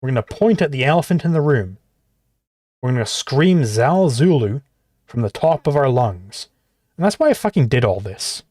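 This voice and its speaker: A man's voice: mid-range voice, very animated, moderate pace, a little mellow, dry recording, clean studio sound. Fiery, swearing man ranting live. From outside the US. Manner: heated, profane, rhetorical. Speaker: livestream host reacting to a clip. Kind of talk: livestream reaction rant.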